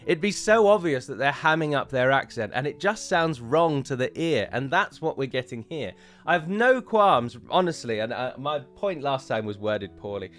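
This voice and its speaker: A man's voice: medium pitch, big pitch swings, normal speed, a bit bright. A man, chatting casually and with opinions as he reviews a trailer for his viewers, with frequent fillers and self-corrections.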